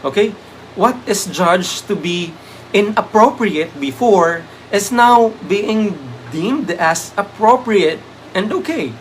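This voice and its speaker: A man's voice: sits high, expressive, takes it slowly, slight background noise. A man with a Filipino accent leads a live exam review, switching between English and Tagalog, with many "um" fillers, and thanks viewers by name. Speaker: review lecturer.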